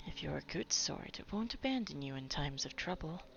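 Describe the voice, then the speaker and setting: A woman voicing a soft-spoken old grandmother telling an eerie tale about the forest, in a half-whispered manner. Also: deep voice, expressive, normal speed, creaky, highs cut off, slight background noise, exaggerated voice. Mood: eerie, hushed.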